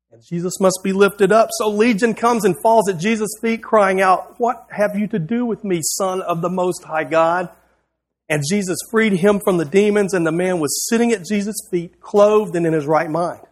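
A man preaching a sermon, reading a prepared text aloud in an earnest, rhythmic way with a repeated refrain. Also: high voice.

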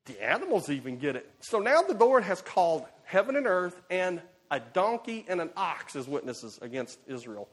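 A man preaching an expository sermon, animated and emphatic, swinging between loud bursts and quiet asides. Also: sits high, normal speed, hardly any pauses, breathy edge.

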